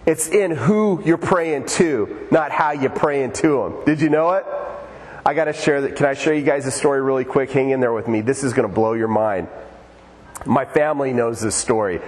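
At a church in Oregon, an older pastor gives a sermon full of storytelling and jokes with his congregation, speaking conversationally. His voice is medium-pitched at a moderate pace, with a big-room sound.

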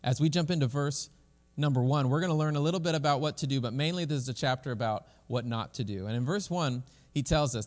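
A man's voice: mid-range voice, fast talker. A male pastor preaching a sermon in a church in a casual, conversational way, often restarting his phrases. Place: church sanctuary. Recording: long hall reverb.

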